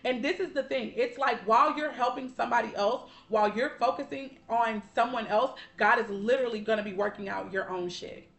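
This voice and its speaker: A woman's voice: a little high, brisk, vocal fry, hardly any pauses, a bit bright. A woman giving a casual spiritual tarot reading to her viewers. She is chatty and heartfelt, calls them y'all and baby, and swears now and then. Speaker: tarot card reader. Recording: roomy echo.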